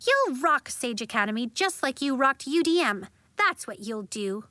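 A woman voicing a cheerful, comforting young girl in a storybook reading, quick and reassuring. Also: sits high, sing-song, pushed and bright, no room sound, heavily acted. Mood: upbeat.

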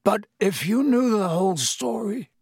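A man voicing a worn, hunted man who speaks very quietly and then urgently. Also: high voice, animated, measured pace, vocal fry, husky, no room sound, studio quality, voice pushed up, full character voice.

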